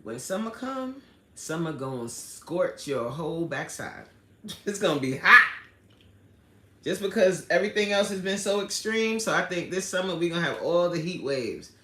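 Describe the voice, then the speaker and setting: A woman hosting a casual livestream, chatting with viewers and reading out their comments in animated, slangy talk, laughing often. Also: lowish voice, normal speed. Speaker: livestream host. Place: indoor room at home. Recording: roomy echo.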